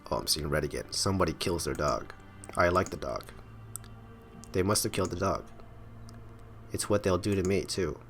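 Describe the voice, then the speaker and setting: A man's voice: low-pitched, lively intonation, normal speed, creaky, pauses often, fairly bright tone, soft background music. A man hosting a game playthrough, reading the dialogue aloud dramatically and breaking off for wry comments. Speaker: let's play host.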